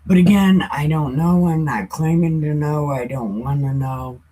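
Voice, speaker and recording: Woman, unhurried casual Bible teacher, husky voice, jokey asides. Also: low-pitched, dark tone. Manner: chatty, self-joking asides.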